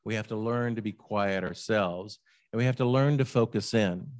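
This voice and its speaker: An older man preaching a sermon in an unhurried, conversational way. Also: on the low side. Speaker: pastor.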